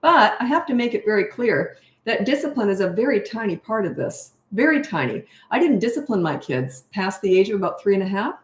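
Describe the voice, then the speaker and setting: A woman's voice: medium pitch, very animated, a little fast, few pauses, echoey room. An older woman, a parenting coach, chatting and telling stories while answering questions live. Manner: chatty storytelling, acts out voices in anecdotes. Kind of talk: live Q&A chat.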